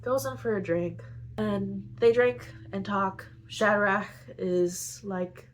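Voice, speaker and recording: A woman's voice: medium pitch, fairly even intonation, rough recording. A woman hosting a podcast, casually summarizing story plots in a chatty way with lots of asides. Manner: chatty, retells plots with filler "like" and quick asides. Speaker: podcast host.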